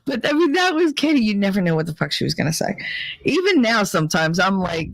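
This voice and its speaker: A middle-aged woman with a thick New Jersey accent, hosting a podcast and telling stories in a casual, animated way, laughing often and swearing freely. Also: medium pitch, fast talker, vocal fry, no echo. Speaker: podcast host. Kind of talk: casual storytelling monologue. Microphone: home computer mic.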